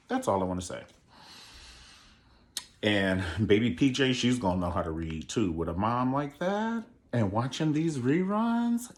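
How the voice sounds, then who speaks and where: A man giving a sassy, theatrical solo recap of a reality show, acting out quotes with big jumps in his voice. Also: lowish voice. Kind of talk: animated solo commentary.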